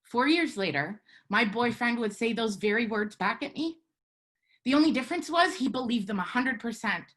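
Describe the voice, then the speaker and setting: A woman telling a personal story live, in an earnest, measured way with halting pauses. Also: fairly high pitch, animated, fairly bright tone. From Canada.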